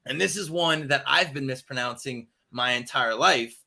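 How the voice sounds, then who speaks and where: A man hosting a casual morning show, upbeat and quick to laugh as he quizzes his co-host. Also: mid-range voice, creaky, sharp tone.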